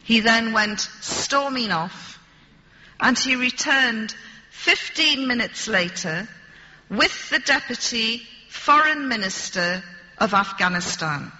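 A woman's voice: fairly high pitch, lively intonation, slow, sharp tone, in a large hall, lo-fi sound, a little hiss or hum. A woman telling a story to an audience with dry, wry humor. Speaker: speaker addressing an audience. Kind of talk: storytelling talk.

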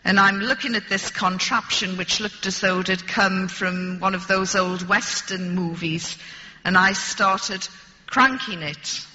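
A woman's voice: mid-range voice, steady tone, a little slow, bright, forceful tone, in a large hall, highs cut off. A woman telling a story to an audience with dry, wry humor. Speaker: speaker addressing an audience. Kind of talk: storytelling talk.

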